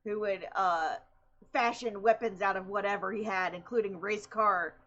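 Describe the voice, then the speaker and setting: A woman's voice: medium pitch, normal speed, fairly bright tone, lo-fi sound. A young woman streamer in casual chat, chatty and laughing often as she tells stories.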